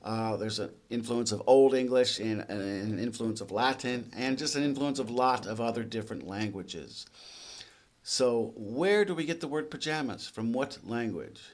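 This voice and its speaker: A man teaching English. He asks the viewer quiz questions, then explains the answers in a relaxed, conversational way. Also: medium pitch, moderate pace. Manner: relaxed and conversational, with small restarts. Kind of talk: explanatory lesson narration.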